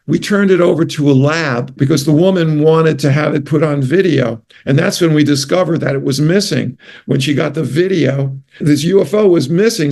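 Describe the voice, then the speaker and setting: A man's voice: on the high side, creaky, darkish tone. Older New York man telling rambling stories. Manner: rambling, anecdotal, with self-corrections. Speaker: guest, retired physician. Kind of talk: casual interview storytelling.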